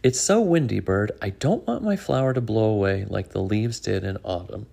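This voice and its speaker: A man's voice: moderate pace, vocal fry, husky, full character voice. A man voicing an eager, possessive young male squirrel for a storybook, raised and bouncy. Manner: excited, high and bouncy.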